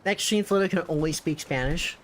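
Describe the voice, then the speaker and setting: A young man chatting excitedly while streaming a video game, with sudden jumps in pitch. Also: brisk, a little hiss or hum. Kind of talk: casual gameplay commentary.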